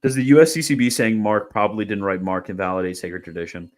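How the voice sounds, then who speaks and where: A man's voice: on the low side, steady tone, quick pace. A young man hosting a live stream, chatting casually and answering viewers' questions, rambling with fillers and laughing at comments. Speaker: livestream host answering chat.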